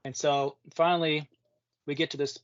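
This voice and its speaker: A man's voice: on the high side, little pitch movement, moderate pace, no echo. A man guesting on a podcast, telling a race story in easygoing casual chat and laughing at himself. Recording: dry, dull lo-fi sound.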